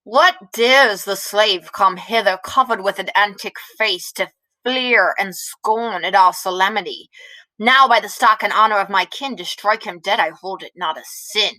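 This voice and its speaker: A woman's voice: mid-range voice, a little slow, bright, forceful tone, dry recording, rough recording. A woman reading the lines of a hot-tempered young nobleman, in clipped, angry declamation.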